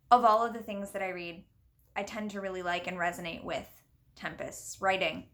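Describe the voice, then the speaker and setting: A woman talks through a book she loved in a casual vlog. Her voice sits at a middle pitch, and her manner is chatty and earnest. She explains at length with little asides and lifts her voice on the words she stresses. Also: fairly bright tone. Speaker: witchcraft book reviewer.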